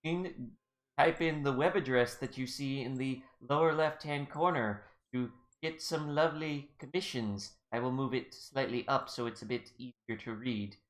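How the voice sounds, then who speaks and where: Casting: rambling male game master, mid pitch, echoey room sound. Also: normal speed. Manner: rambling, laughs often. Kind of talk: running a tabletop game on a livestream. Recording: echoey mic.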